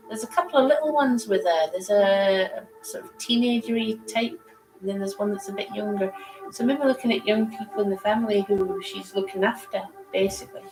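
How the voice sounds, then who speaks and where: Woman reading tarot live for viewers, chatty and rambling, mid-pitched, with clear music playing behind. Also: rough recording. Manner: chatty, rambling, laughs easily. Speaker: psychic reader on a livestream. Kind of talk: casual livestream tarot reading.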